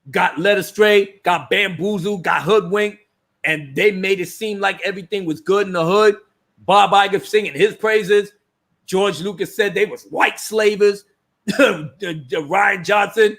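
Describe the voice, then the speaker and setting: Male stream host, high voice, bright tone, loud slangy rant, laughs a lot. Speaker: livestream host. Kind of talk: casual ranting commentary.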